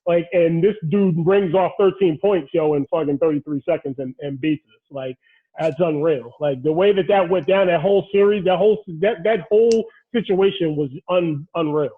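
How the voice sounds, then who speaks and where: Husky high-voiced man on a tinny line. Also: normal speed. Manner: rambling, filler-heavy, teasing. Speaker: podcast host. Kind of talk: casual podcast chat.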